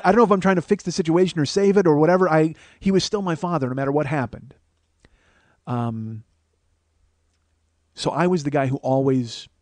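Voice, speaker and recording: A man's voice: medium pitch, no room sound. Profane man telling a personal story. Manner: profane, conversational, animated quotes. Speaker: podcast host, comedian.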